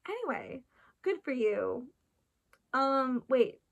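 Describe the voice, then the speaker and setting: A woman's voice: high-pitched, big pitch swings, drawn-out words. A woman chatting in a casual, rambling way, full of restarts and "like", sounding tired and emotional. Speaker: vlogger reacting to an album.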